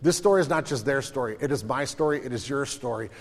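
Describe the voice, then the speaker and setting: A man's voice: medium pitch, fast talker, long reverb tail. A man, a pastor, preaching a conversational sermon and acting out voices in his stories.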